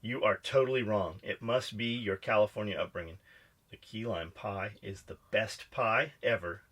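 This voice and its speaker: A man's voice: fairly low pitch, normal speed, a bit bright. A man co-hosting a podcast, chatting casually and profanely, joking and reading out listener comments. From Pennsylvania. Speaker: podcast co-host. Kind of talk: casual chat.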